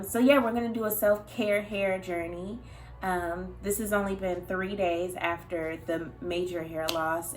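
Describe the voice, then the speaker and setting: A young woman talks straight to camera in a candid, confessional vlog, her voice sitting at an ordinary middle pitch. She speaks in halting, rambling phrases full of fillers and small nervous laughs, earnest and emotional throughout. Faint music plays softly behind her. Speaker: vlogger.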